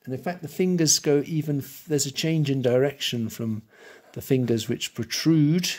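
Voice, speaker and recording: A man's voice: a little high, normal speed, darkish tone. A man giving a live drawing tutorial, thinking aloud and correcting himself as he sketches. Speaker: art teacher.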